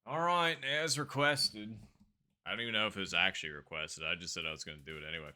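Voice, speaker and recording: A man's voice: deep voice, fast, pushed and bright, soft background music. A man streaming live, chatting casually and rambling with fillers while he plays a game. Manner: rambling, chatty, with frequent fillers and self-asides.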